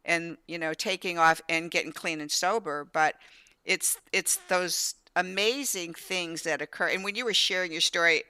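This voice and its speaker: Older lady hosting a talk show, bright crisp voice, dry close sound. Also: fairly low pitch, normal speed, no room sound. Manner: animated storyteller, direct and candid. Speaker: show host. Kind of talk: casual interview conversation.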